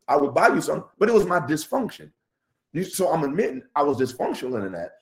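A middle-aged man talking in a casual podcast chat, animated and laughing often as he tells a story. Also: brisk. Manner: animated, laughs often, jumps high when excited. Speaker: podcast guest.

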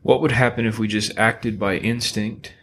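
A man's voice: lowish voice, fairly even intonation, normal speed, fairly bright tone, slight background noise. A man co-hosting a podcast in casual chat, laid-back and agreeable, with plenty of swearing. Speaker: podcast co-host.

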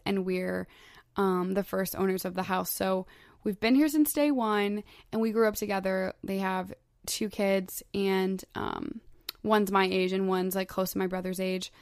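A woman's voice: medium pitch, no room sound, studio quality. A young woman in her twenties hosting a solo podcast, chatting casually and gushing, with "like" in nearly every phrase. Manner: chatty, heavy use of "like", gushing. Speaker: podcast host.

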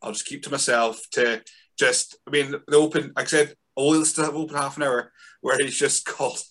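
Podcast host guy, bright voice, laid-back chatty. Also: medium pitch, a little fast. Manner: relaxed, chatty, laughs along. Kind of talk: casual chat.

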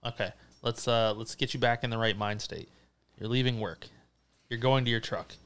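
A man's voice: mid-range voice, fairly even intonation, normal speed, fairly bright tone, clear, resonant tone. A man co-hosting a casual podcast, teasing his friend in a dry way, with many hesitations. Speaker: podcast co-host. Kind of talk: casual chat.

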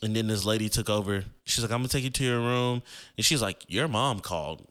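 A young man in his twenties tells a personal story on his podcast, in a casual, heartfelt way with "like" in almost every sentence. His voice is fairly low and smooth, and it comes through clearly. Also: a little fast, fairly bright tone. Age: 20s. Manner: casual, emotional, heavy use of "like". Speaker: podcast host.

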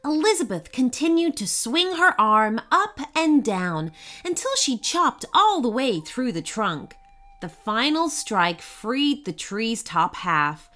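A woman narrating a children's storybook in an unhurried, expressive way. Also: high voice. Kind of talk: storybook reading.

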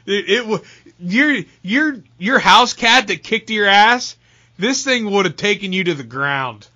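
A man co-hosting a podcast, telling stories in casual banter and stammering when excited. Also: high-pitched, unhurried, no echo, lo-fi sound. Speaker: podcast co-host.

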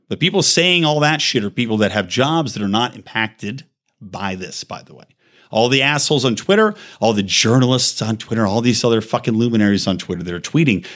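A man's voice: medium pitch, lively intonation, fairly quick, a bit bright. A man hosting a podcast, delivering a heated, profane rant with emphatic, wide swings in his voice. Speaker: podcast host. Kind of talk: ranting monologue.

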